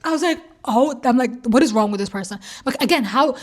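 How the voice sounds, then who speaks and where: A young woman with a slightly high voice tells a casual storytime vlog. She is animated and acts out each quoted line, swearing freely as she goes. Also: fast talker. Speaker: vlogger.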